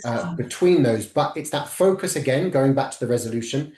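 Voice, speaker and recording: A man's voice: mid-range voice, expressive, brisk, darkish tone, echoey room. A man giving an academic webinar talk, methodically walking listeners through slides. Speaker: webinar presenter.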